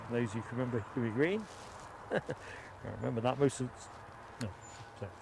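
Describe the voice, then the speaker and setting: A man's voice: mid-range voice, fast talker, a little mellow. A man hosting a casual live stream outdoors, chatting and joking with viewers in the chat. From England. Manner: chatty, jokey, reads out chat names. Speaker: livestream host. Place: outdoors by an airport. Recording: outdoor stream with clear background noise.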